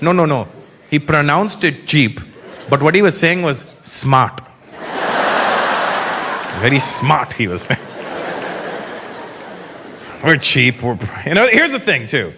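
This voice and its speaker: A man's voice: a little high, big pitch swings, takes it slowly, long pauses, very noisy. A male stand-up comedian performing live, brash and profane, who keeps slipping into mocking character voices. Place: large arena in front of a live audience. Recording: live arena recording with loud crowd laughter.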